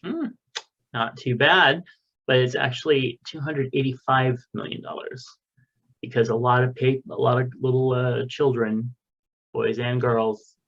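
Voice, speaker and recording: A man's voice: mid-range voice, steady tone, measured pace, fairly bright tone, dull audio. A man co-hosting a casual podcast, reading listener mail aloud in a loose, joking way with the odd swear. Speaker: podcast co-host.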